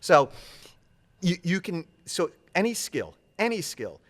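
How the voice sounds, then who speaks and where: A man giving interview answers as a public speaking coach, energetic and fast-talking, gesturing as he speaks. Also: high voice.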